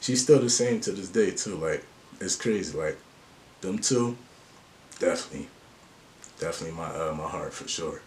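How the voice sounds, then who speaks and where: A man's voice: deep voice, lively intonation, normal speed, long pauses, darkish tone, slight background noise. A man vlogging life advice in a slangy, earnest and open way. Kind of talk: casual to-camera talk.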